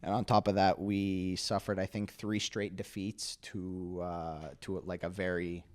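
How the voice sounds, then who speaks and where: A young man from Canada, a guest on an interview podcast, telling stories in a casual, animated way with lots of fillers. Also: low-pitched, measured pace. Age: young adult. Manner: animated storytelling with many "like" fillers. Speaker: guest, pro soccer player.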